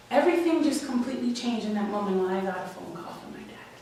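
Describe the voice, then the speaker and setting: Young woman from new york telling a story onstage, kinda high voice, echoey room, mic far off. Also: fairly quick, hardly any pauses, slight background noise. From Washington Heights, New York. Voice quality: candid, wry, emotional. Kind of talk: live personal storytelling. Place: live story slam venue. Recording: echoey room, distant mic, faint ambience.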